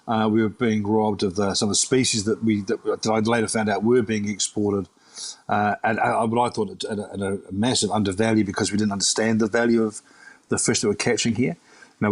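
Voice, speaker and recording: A middle-aged New man speaks quickly in a lowish voice. He rambles through his answer in a conversational interview, with plenty of "you know" and false starts. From New Zealand. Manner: rambling, many fillers and restarts. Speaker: chef turned fishmonger.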